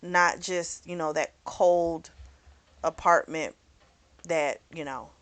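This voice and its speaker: A woman's voice: sits low, slow, a bit bright. Chatty woman casually recapping a book. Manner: chatty, loose and frank, with frequent "you know" and "like" and some cursing. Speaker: book club vlogger.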